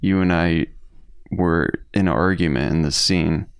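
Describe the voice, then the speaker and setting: Middle-aged male co-host, deep and gravelly, laid-back and joking, dry close mic. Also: unhurried, dry recording. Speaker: podcast co-host. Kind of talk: casual reminiscing chat.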